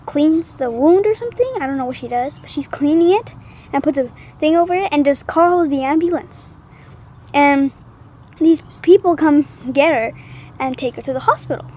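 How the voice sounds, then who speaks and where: A young woman at home, telling a personal story for her vlog in an animated, dramatic way with gasps and acted-out lines. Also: high voice, a little hiss or hum. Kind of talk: casual storytime. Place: at home, indoors.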